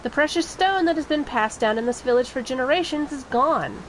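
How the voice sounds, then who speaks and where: A woman's voice: high-pitched, expressive, fairly quick, a little hiss or hum, rough recording. A woman voicing a stubborn little summoner girl, reading game dialogue aloud and insisting she is grown-up. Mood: worried.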